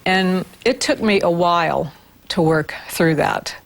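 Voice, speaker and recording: A former child actress speaking in an interview in a candid, emphatic way. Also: female voice, fairly low pitch, takes it slowly, creaky. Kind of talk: reflective interview.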